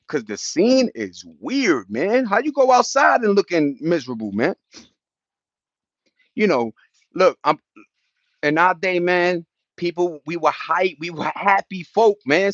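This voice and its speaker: Middle-aged new guy telling stories, slangy and animated, dry kinda dull sound. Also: dry recording. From New York. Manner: animated, slangy, jumps into high-pitched impressions and beatboxing. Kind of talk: casual storytelling chat.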